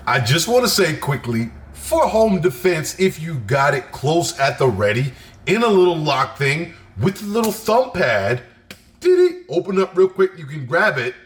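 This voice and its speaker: A man hosting a reaction video, talking in relaxed, agreeable casual commentary and repeating himself. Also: a little high, moderate pace.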